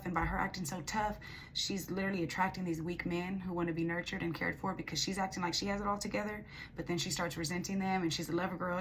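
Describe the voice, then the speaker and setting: A young woman reads tarot in a casual monologue, blunt and animated, cursing freely. Her voice sits on the lower side. A faint hiss of background noise runs under the recording. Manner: blunt, swearing, emphatic and animated. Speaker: tarot reader.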